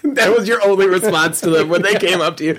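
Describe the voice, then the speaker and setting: A man in a casual chat who throws in quick, wry comments. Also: sits high, a bit bright.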